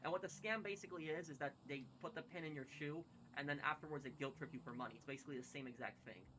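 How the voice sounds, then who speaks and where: A man rambles through a story at a quick clip, stumbling over restarts and fillers. His voice sits a bit high and sounds bright and pushed. A faint hum runs under the recording. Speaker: gaming streamer. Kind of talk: casual storytelling while gaming.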